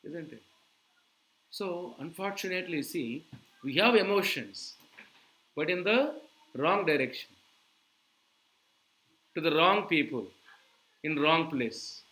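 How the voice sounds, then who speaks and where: A man giving a sermon, animated and full of rhetorical questions to his audience. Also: on the high side, takes it slowly, long pauses, low-quality recording. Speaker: preacher.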